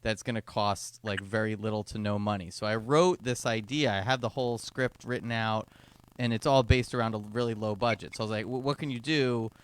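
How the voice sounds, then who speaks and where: A young adult man hosting a podcast, chatting casually and pitching an idea with lots of restarts over a call. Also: fairly even intonation, a little fast, a little hiss or hum. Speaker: podcast host. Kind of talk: casual chat.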